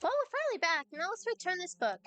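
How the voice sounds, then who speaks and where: Woman streamer reading a little fairy companion, high, chirpy game dialogue. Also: very animated, quick pace, pushed and bright, heavily acted. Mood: cheerful.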